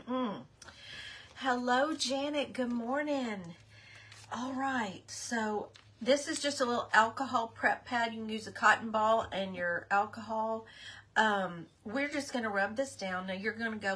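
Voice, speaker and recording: A woman's voice: fairly high pitch, a little slow, sharp tone. A middle-aged woman hosting a casual live craft stream, chatty and apologetic, greeting her viewers by name. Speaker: craft livestream host.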